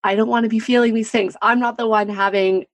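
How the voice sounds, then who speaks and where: A woman's voice: on the high side, fairly even intonation, fast, no echo. A woman guest on a podcast, talking candidly in a casual chat, laughing often and quoting others in a lifted voice.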